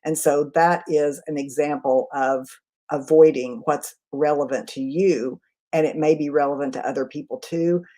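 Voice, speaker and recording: A woman communication trainer in a live webinar, answering chat questions in a quick, conversational way. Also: sits low, steady tone, warm tone. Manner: quick, conversational, self-aware.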